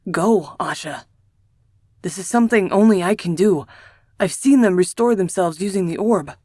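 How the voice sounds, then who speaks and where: A woman voicing Simon, gentle urgent brother. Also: medium pitch, moderate pace, no echo, clean studio sound, natural voice. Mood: tender urging. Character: protective young male mage brother, gentle.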